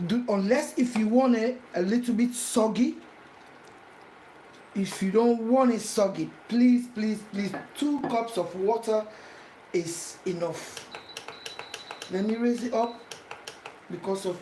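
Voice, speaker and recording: A woman's voice: mid-range voice, dark tone. A woman giving a cooking demonstration in her home kitchen, talking the viewer through each step and repeating instructions over and over. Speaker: home cook. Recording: echoey kitchen with frying noise.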